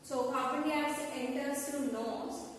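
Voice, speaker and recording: A woman's voice: sits high, steady tone, measured pace, slight background noise. A woman with a Telugu-influenced Indian English accent teaching a school science lesson, repeating points and checking whether students understood. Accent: Indian English, Telugu-speaking. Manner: repetitive, checks understanding with questions. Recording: echoey room from far off.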